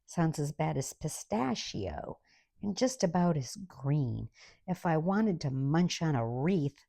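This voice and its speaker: A woman's voice: a bass voice, creaky, warm tone, husky, dry recording, clean studio sound. An older woman telling an exasperated, sarcastic comic story in a monologue.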